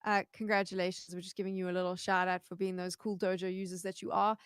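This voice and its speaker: A South African woman hosting an esports show, chatty and upbeat, reading out fan shout-outs. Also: on the low side, level tone, fast, clear, resonant tone, no room sound, studio quality. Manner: upbeat, chatty, stumbling through usernames. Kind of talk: live esports broadcast hosting.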